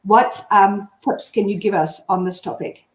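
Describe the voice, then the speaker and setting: A woman hosts a live video call discussion, speaking casually and softly at a medium pitch. Her voice carries a roomy echo around it. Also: moderate pace. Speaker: host.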